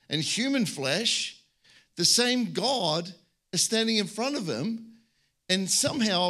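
A man preaching a lively, joking sermon, his voice sitting fairly high for a man. He tells his stories animatedly and stumbles over restarts as he goes.

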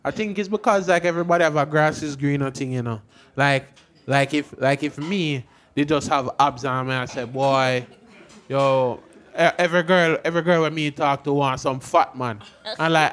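Young man, Jamaican accent, fairly high voice, casual podcast chat, animated. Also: moderate pace. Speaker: podcast co-host.

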